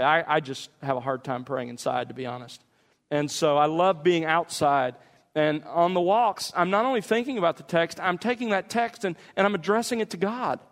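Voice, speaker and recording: A man teaching a sermon on meditating on scripture, speaking in a measured, emphatic way with deliberate pauses. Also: a little high. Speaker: pastor. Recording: long hall reverb.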